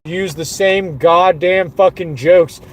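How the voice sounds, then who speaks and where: Furious high-voiced man ranting. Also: a little slow, slight background noise, low-quality recording. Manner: furious, profane and repetitive. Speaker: streamer. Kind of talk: angry livestream rant.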